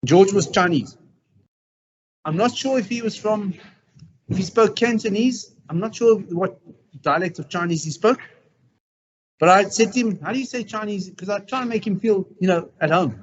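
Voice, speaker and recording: A man's voice: high-pitched, brisk, highs cut off, slight background noise. A male science teacher giving a chemistry lesson to his class, chatty and telling anecdotes along the way.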